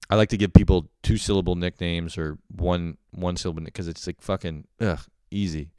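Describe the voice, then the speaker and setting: A man's voice: low voice, steady tone, a little fast, darkish tone, clear, resonant tone, dry recording, studio quality. A young man hosting a podcast, ranting casually and mocking himself with lots of swearing. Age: young adult. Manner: profane, self-mocking rants with mock-outraged voices. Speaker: podcast host. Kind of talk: casual comedic monologue.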